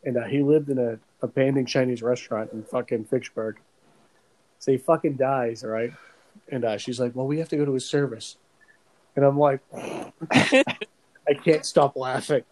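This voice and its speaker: A man's voice: medium pitch, normal speed, low-quality recording. A man, telling stories in casual podcast chat, swearing freely and laughing at his own jokes. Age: 40s. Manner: profane, laughing, animated storyteller. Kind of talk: casual chat with profane storytelling.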